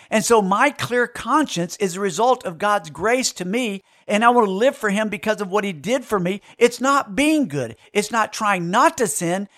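Middle-aged male pastor, high lively voice, acts out his stories. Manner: animated storyteller, acts out sounds and voices. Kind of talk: sermon with storytelling.

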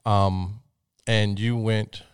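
A man hosting a casual interview, asking curious questions in a relaxed way and swearing casually. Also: on the low side, extremely slow, clean tone, no room sound, studio quality. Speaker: interview host.

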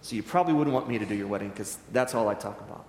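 Animated preacher in an echoey hall. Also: male voice, lowish voice, very fast, slight background noise. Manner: animated storyteller, acts out dialogue. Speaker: Presbyterian minister. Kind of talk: sermon storytelling. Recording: echoey church hall with long reverb.

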